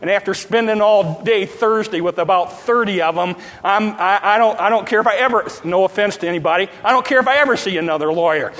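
A preacher with a high, light voice delivers a Sunday sermon. He slows right down on scripture and speeds up on the asides. The sound rings with the long reverb of a church sanctuary. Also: a bit bright. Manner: preaching with slow emphatic quotes and fast asides. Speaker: pastor.

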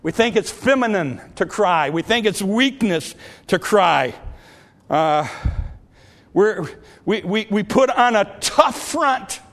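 A middle-aged male pastor in full sermon mode, with a notably high voice. He climbs to fervent, near-shouted peaks and then falls back to soft, confiding remarks to the congregation. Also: lively intonation, slow. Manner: preachy, rising to impassioned peaks and dropping to quiet asides.

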